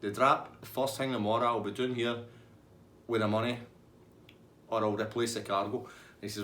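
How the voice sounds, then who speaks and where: A man with a Scottish accent telling a sweary, animated pub story and acting out everyone in it. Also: lowish voice, moderate pace, long pauses, a little hiss or hum. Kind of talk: casual anecdote.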